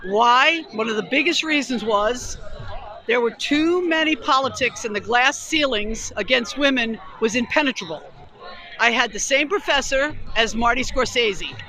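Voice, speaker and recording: A woman's voice: a little high, expressive, moderate pace, sharp tone, rough recording. A middle-aged woman from New York with a strong New York accent, talking bluntly and emphatically in a street interview outdoors in a city park. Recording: street interview with crowd behind.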